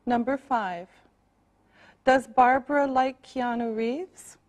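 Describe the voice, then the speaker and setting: A woman reading out quiz questions and answers for English learners, slow and carefully spaced. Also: on the high side, steady tone, dull audio. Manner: slow, deliberate, clearly spaced. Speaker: English teacher.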